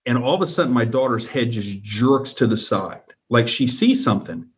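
A man's voice: mid-range voice, expressive, moderate pace, slight background noise. A man telling a personal story as a guest, earnest and repetitive, often checking in with the listener.

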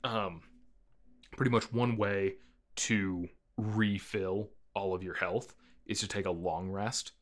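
A young man with a fairly low voice talks loosely about a film he saw. He rambles and reaches for fillers, and he laughs easily as he goes. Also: steady tone, takes it slowly. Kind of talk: casual movie review chat.

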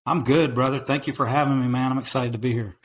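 A man's voice: medium pitch, fairly even intonation, quick pace, breathy edge, poor audio. A man with an East Texas country accent, a podcast guest talking in a laid-back, casual way. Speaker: podcast guest, business owner. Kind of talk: casual interview chat.

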